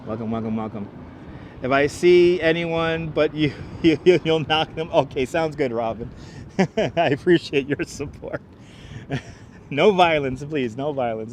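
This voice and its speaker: Man, fairly high voice, chatty livestream host, outdoors, clip-on mic, faint city traffic behind. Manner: chatty, laughs often, greets viewers by name. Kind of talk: casual live-stream walking tour. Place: outdoors on an elevated city park walkway. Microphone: wireless clip-on mic.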